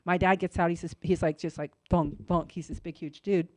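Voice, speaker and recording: A woman co-hosting a radio talk show, telling a story in a casual, animated way with lots of "like" and "you know", and acting out the other people's voices. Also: brisk, dry recording. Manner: animated, acts out quoted voices with big pitch jumps.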